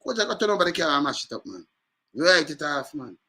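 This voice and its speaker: A man chatting casually in patois, telling animated stories with lively jumps in pitch. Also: quick pace. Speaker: speaker in a reggae scene video.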